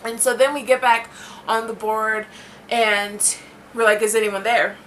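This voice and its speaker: Bright-voiced young woman telling a story. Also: fairly high pitch, unhurried, a little hiss or hum. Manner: animated, acts out dialogue, says "like" a lot. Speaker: vlogger. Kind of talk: storytime vlog.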